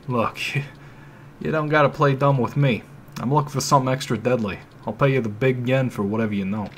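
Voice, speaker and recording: A man voicing a brash, loudmouthed male street thug with a put-on tough-guy drawl. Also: mid-range voice, fairly even intonation, a little fast, slight background noise, lightly acted. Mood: pushy.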